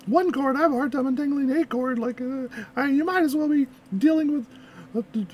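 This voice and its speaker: A young woman with a high, bright voice talks casually to her audience while reacting to videos. She laughs often and wanders into animated, rambling stories. A faint hiss sits under her voice. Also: a little fast.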